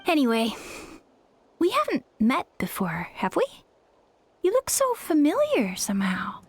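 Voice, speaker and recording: A woman's voice: high-pitched, huge pitch swings, measured pace, soft background music, heavily acted. A woman voicing an eager young warrior trainee. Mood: wistful. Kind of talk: reading game dialogue aloud.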